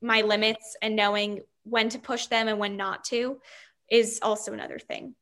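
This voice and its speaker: A woman's voice: mid-range voice, little pitch movement, moderate pace, a bit bright. A teenage girl, a young actress, chatting upbeat and bubbly in an interview, laughing often. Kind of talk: casual interview chat.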